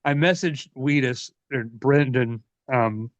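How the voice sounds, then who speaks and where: A man in his forties, a wrestler being interviewed, telling stories in a casual, profane, animated way. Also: medium pitch, slow pace, no echo. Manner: profane, animated, laughs often. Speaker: wrestler guest. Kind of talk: casual storytelling. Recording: dull lo-fi dry sound.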